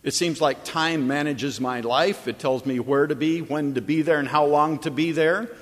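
A male pastor delivers a sermon in a chapel, his voice carrying with a long reverberant tail. He moves between relaxed storytelling and emphatic, repeated phrases. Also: fairly high pitch, normal speed.

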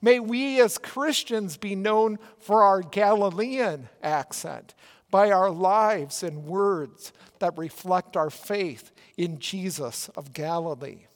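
A pastor from Minnesota with a Minnesotan accent, giving an earnest, emphatic sermon with deliberate pauses. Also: male voice, high voice, long reverb tail.

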